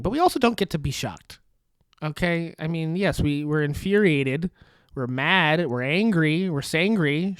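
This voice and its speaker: A man's voice: a little high, no echo. A young man hosting a podcast from his studio apartment, ranting with sarcasm, cursing, laughing often and trailing off. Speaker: podcast host. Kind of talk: casual ranting commentary. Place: studio apartment at a foldable table.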